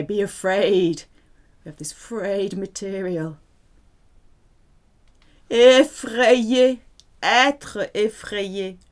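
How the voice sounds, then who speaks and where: A woman teaching French vocabulary, speaking patiently and repeating words with careful pronunciation. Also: medium pitch. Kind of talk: vocabulary lesson.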